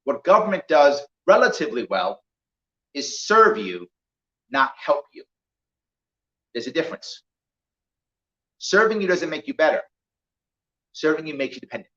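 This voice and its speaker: A man gives a campaign talk to a small crowd, his voice high and swinging widely as he acts out little scenes. The room is roomy and echoey, and the sound comes through dull and lo-fi. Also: normal speed, pauses often. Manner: animated storyteller who acts out dialogue. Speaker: political candidate speaking to a small crowd. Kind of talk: campaign talk with acted-out anecdotes. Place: indoor venue, roomy.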